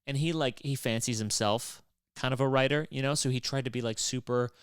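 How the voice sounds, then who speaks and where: A podcast host with a medium-pitched, steady, fairly quick voice, clear and resonant on a dry recording, delivers a casual rambling monologue. Wry and exasperated, he wanders loosely and profanely, with many fillers and restarts.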